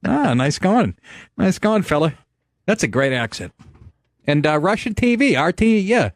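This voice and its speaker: Man, radio host, lively up-and-down voice, dry close mic, joking. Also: high-pitched, a little slow, no echo. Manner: loose and joking, laughs often. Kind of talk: casual call-in radio chat.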